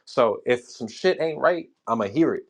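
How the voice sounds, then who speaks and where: A man's voice: medium pitch, animated, moderate pace. A young man, a rapper, telling loose, slangy, profane stories in a casual interview about writing his songs. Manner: loose, slangy, swears freely, recounts writing lyrics. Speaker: rapper guest.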